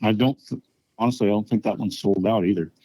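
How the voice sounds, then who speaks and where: A match organizer speaks in a low, mellow voice, relaxed and unhurried, with frequent pauses to think. The recording is dry and close. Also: male voice, husky, no echo, rough recording. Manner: relaxed, explaining at length with many ums. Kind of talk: casual podcast interview.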